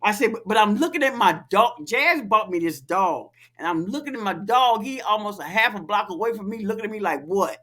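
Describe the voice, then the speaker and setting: A woman co-hosting a casual podcast, telling a story in a lively, profane, laughing way. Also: medium pitch, brisk, hardly any pauses. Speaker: podcast co-host.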